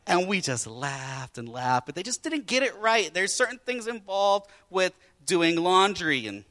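A man preaching a sermon as a pastor, telling stories in a lively way that swings between loud and quiet. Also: high voice, unhurried.

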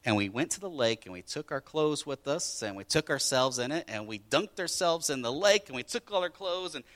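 A male pastor preaching with animated storytelling, swinging from loud bursts to hushed asides. His voice sits fairly high and sounds bright and forceful. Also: a little fast. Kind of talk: sermon.

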